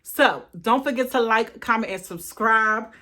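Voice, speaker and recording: A chatty woman. She talks straight to her viewers in an animated way, sounding tired and a little out of breath. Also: a little high, measured pace. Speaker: fashion haul vlogger. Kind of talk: casual chatty haul vlog.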